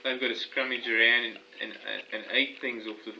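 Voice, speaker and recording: A man in an improvised comedy skit, loud and stammering, repeating his words, recorded on a home video camera. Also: medium pitch, level tone, brisk, muffled recording, slight background noise.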